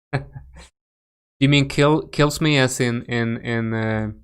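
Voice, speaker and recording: A man's voice: mid-range voice, fairly even intonation, measured pace, smooth. A young Swedish man with a Swedish accent hosting a casual crypto trading livestream, chatting loosely with viewers and often restarting his sentences. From Sweden. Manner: chatty, reacts to chat, frequent fillers and restarts. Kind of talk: casual live chart analysis.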